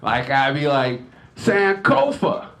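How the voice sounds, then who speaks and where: Male stand-up comic, high and lively voice, unhurried delivery, acts out family scenes. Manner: animated storytelling, acting out family members in shouted bits; laughs at his own jokes. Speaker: stand-up comedian. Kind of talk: stand-up comedy set. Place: lodge hall before a live audience.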